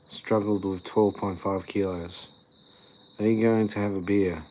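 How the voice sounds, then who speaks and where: A man's voice: sits low, steady tone, a little slow, mellow, a little hiss or hum. A tired young man, chatting casually on a live stream, rambling with lots of fillers as he reads and answers chat. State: tired after the gym.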